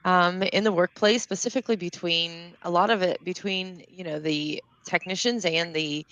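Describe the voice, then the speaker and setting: A woman's voice: fairly low pitch, fairly even intonation, a bit bright, low-quality recording. A woman with a Southern US accent, co-hosting a casual chat in a rambling, laughing way. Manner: chatty, rambling, quick to laugh. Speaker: co-host.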